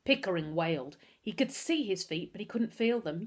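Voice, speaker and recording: A woman, a teacher, reading a children's book aloud with expressive storytelling. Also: sits low, normal speed, few pauses.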